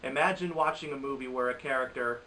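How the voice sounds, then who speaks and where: A man's voice: medium pitch, fast talker, sharp tone, distant mic, slight background noise, poor audio. A man giving casual, rambling, exasperated commentary on bad movies, often restarting his sentences. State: recovering from a cold. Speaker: movie reviewer.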